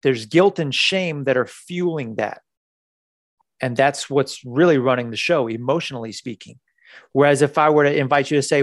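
Animated man coaching, dry close sound. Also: mid-range voice, moderate pace, no room sound. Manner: animated, acts out dialogue, repeats words for emphasis. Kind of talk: casual podcast conversation.

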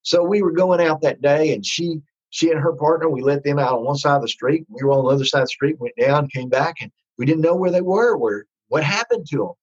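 A man recounts his testimony in a loose, halting way, stopping and restarting his sentences. His voice is husky and slightly high. The recording sounds dull and lo-fi. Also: a little mellow. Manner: rambling, with many restarts and fillers. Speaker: minister telling his testimony. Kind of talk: storytelling testimony.

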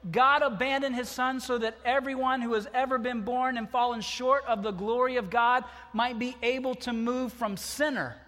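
Male pastor, high voice, earnest storytelling sermon; recorded with long hall reverb. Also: steady tone, pushed and bright. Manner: earnest storytelling preaching, slows for emphasis.

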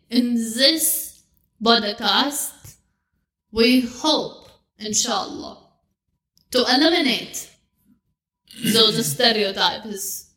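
A woman's voice: a little high, pushed and bright, reverberant, full character voice. A woman voicing an earnest Middle Eastern podcast host with a put-on Arabic accent, talking in a formal, solemn way.

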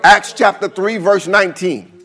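A male pastor preaching a sermon, repeating phrases and building into chanted, shouted lines. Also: high-pitched, moderate pace.

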